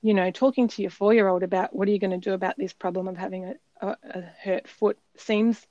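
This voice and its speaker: A woman's voice: on the low side, dark tone, dry recording. A woman co-hosting a podcast, telling a personal story in an earnest, reflective way with frequent ums. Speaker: podcast co-host. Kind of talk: casual storytelling chat. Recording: slightly dull dry recording.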